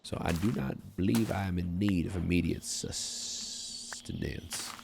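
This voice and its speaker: A man voicing a smooth-talking male cowboy conman with a put-on Old West drawl, folksy and theatrical. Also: low-pitched, a little slow, background noise, heavily acted. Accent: American Old West drawl, put on. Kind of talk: in-character game streaming.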